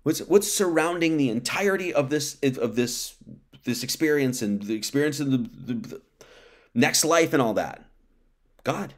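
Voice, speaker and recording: A man's voice: medium pitch, animated, normal speed. A man giving an informal sermon, talking casually, reading scripture and acting out quotes, with many restarts. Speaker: preacher.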